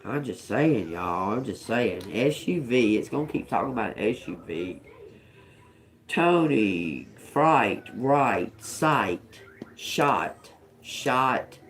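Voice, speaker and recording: A woman's voice: a bass voice, animated, takes it slowly, slight background noise. A woman giving a live-stream tarot reading, thinking aloud, repeating single words to herself, blunt and profane, often chuckling. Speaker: tarot reader.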